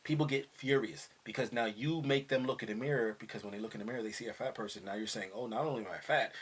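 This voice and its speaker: A man's voice: medium pitch, fairly even intonation, fast talker, husky. A middle-aged man hosting a casual family podcast, talking animatedly and often slipping into quoted voices, with many fillers like "you know what I mean". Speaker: podcast host talking with his son.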